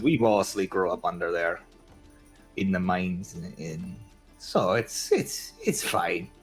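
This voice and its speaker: A man voicing a cheerful, teasing miner who keeps tacking "eh" onto his lines. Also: fairly low pitch. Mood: joking. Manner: breezy, teasing, chummy. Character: cheerful male miner who jokes and says "eh".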